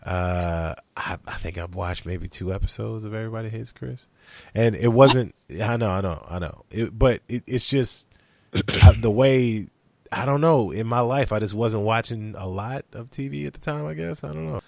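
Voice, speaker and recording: Male co-host with a lowish voice, easygoing and teasing, dry close recording. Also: moderate pace, creaky, no echo. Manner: laid-back, teasing. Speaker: podcast co-host. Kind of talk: casual chat.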